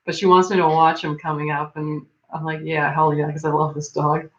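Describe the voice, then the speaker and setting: A woman's voice: low-pitched, level tone, a little fast. Rambling woman in an echoey room. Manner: rambling, many "like" fillers, laughs often. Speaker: livestream host. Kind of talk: casual chat. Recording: dull lo-fi sound in an echoey room.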